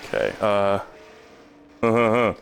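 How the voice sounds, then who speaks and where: Low-voiced man rambling over gameplay. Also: takes it slowly, creaky, slight background noise. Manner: rambling, stumbles and repeats words when puzzled. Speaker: streamer. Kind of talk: casual gameplay commentary.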